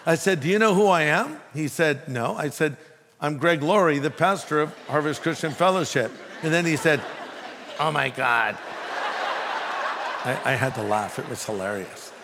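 A man's voice: on the high side, moderate pace, crowd noise, background noise. A man preaching a sermon as pastor, emphatic and telling a humorous story to make his points. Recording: long hall reverb.

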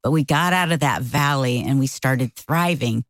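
A middle-aged woman co-hosts a casual talk show, telling a story with lots of animation and acting out quotes through big leaps in pitch. She talks at a normal speed. The audio is poor, though there's no echo.

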